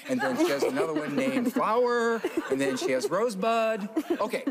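A man's voice: extremely high pitch, moderate pace, gravelly. A man giving a live parenting talk on stage, teasing audience volunteers and chuckling as he goes. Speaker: parenting speaker. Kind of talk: live seminar talk with audience role-play.

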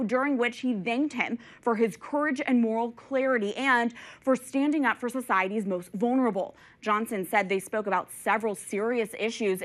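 A woman anchoring a news program, reading scripted reports in a clear, measured delivery. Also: fairly high pitch, fairly bright tone, low-quality recording.

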